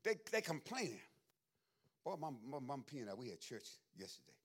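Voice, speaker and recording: A man preaching a sermon to his congregation, telling folksy stories with humor and dramatic leaps into high, loud exclamations. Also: sing-song, brisk. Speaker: pastor. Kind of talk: sermon with storytelling.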